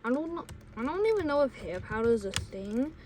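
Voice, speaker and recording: A woman vlogger telling casual stories, rambling with many restarts and self-corrections, and acting out the yelling in loud put-on quotes. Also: high voice, very animated, brisk. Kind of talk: casual storytelling.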